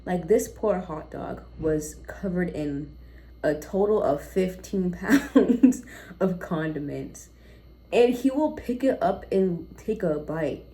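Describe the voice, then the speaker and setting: A woman's voice: lowish voice, lively intonation, slow pace, mellow. A young woman ranting casually in an unscripted vlog, blunt and profane, drifting off topic. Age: young adult. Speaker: vlogger.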